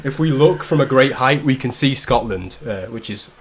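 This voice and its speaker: A man's voice: mid-range voice, lively intonation, moderate pace, a little hiss or hum. A man from the north of England hosting a casual drinking livestream, cracking jokes and swearing with loose banter. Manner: swearing, joking banter with frequent laughs. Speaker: livestream host. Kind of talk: casual drinking-stream chat.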